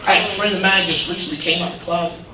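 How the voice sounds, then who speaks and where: A man performing a stand-up comedy set, telling stories in an animated way and slipping into quoted voices of his friends. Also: high-pitched, very fast. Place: legion hall stage, live audience. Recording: echoey hall, captured from a distance, noisy. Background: audience laughter.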